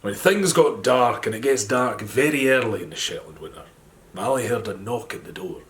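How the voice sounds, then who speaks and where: A man with a Scottish accent telling a folk tale in a gentle, animated storytelling manner. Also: lowish voice, normal speed. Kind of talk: storytelling narration.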